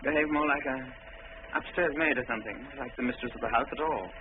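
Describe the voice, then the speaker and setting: An actor as a brisk, teasing husband. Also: male voice, medium pitch, noisy background, natural voice. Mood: impatient. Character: brisk upper-class English husband. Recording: narrow, lo-fi old film soundtrack with music.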